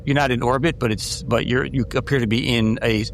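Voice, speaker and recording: This is a man running a tabletop game, describing each scene step by step and often restarting a phrase. His voice sits at a middle pitch, with faint noise behind it. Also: steady tone, fairly quick, creaky. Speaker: game master.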